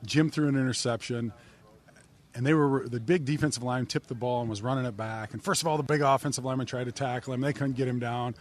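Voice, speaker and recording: A man's voice: mid-range voice, steady tone, fast talker. Man in his fifties telling old stories. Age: 50s. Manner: plain-spoken, stumbling restarts, warm reminiscing. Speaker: former football player, guest. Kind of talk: interview storytelling.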